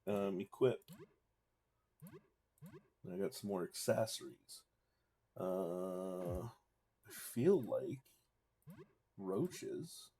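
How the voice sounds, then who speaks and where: A man's voice: deep voice, animated, extremely slow, pauses often, dark tone. Laid-back man streaming a game. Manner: casual, chatty, thinks aloud and reads chat. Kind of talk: live gameplay commentary.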